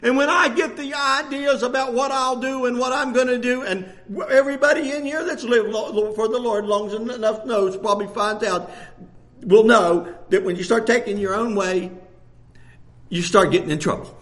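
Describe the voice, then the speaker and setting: A man, preaching a sermon with impassioned, repeated emphasis that rises to shouts. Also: extremely high pitch, fairly even intonation, moderate pace. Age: 60s. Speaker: pastor.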